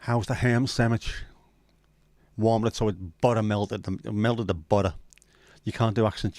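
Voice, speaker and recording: Low-voiced sweary man chatting. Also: steady tone, moderate pace, a little mellow, no room sound. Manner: rambling, sweary banter. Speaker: livestream host. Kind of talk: casual chat livestream.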